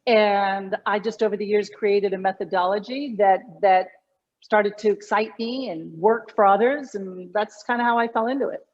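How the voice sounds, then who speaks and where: A woman's voice: medium pitch, steady tone, moderate pace, darkish tone, muffled recording. A middle-aged woman, a communication coach, explaining her work animatedly in an interview, often restarting her sentences. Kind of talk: conversational interview.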